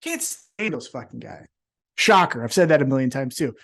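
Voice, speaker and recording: A man's voice: medium pitch, big pitch swings, moderate pace, creaky, a bit bright. A man co-hosting a wrestling podcast, ranting with heavy swearing and mocking put-on voices. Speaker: podcast co-host. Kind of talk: profane ranting wrestling chat.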